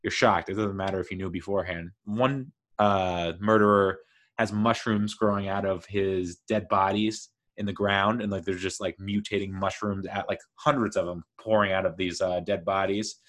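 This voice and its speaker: Rambling low-voiced man reviewing a show. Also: steady tone, normal speed, a bit bright. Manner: rambling, many fillers and restarts, enthusiastic. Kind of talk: casual review chat.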